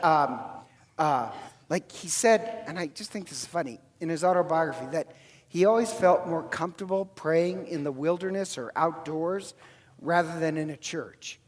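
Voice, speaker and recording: A high-voiced man from Ireland gives a homily, telling the story in a loose, chatty way. He stops often on fillers and corrects himself as he goes. His voice rings out with a long reverb in the church. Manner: conversational storytelling with frequent fillers and self-corrections. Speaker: priest.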